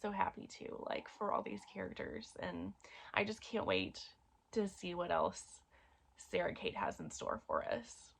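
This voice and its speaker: A woman's voice: fairly low pitch, wildly swooping pitch, unhurried, vocal fry, breathy edge. A woman casually reviewing romance books she read, chatty with many fillers, getting emotional about a favorite series. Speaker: book reviewer. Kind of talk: casual book review chat.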